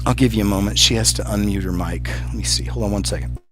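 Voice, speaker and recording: A man's voice: lowish voice, quick pace, soft background music. A man hosting a call-in show, chatting casually with callers and laughing often.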